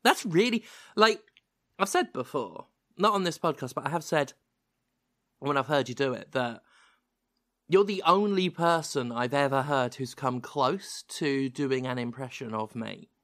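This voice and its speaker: A man with a British accent that carries a slight American hint, hosting a podcast in animated, self-mocking casual chat. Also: mid-range voice, unhurried, no room sound, studio quality. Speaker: podcast host.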